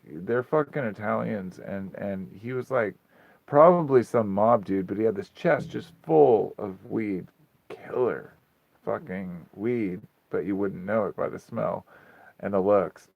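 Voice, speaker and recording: Low gravelly guy rambling on his phone stream, swears a lot, muffled lo-fi sound. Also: no room sound. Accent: US Pacific Northwest. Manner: rambling storytelling, frequent swearing. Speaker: livestream host. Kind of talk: casual livestream chat. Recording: dull lo-fi phone audio.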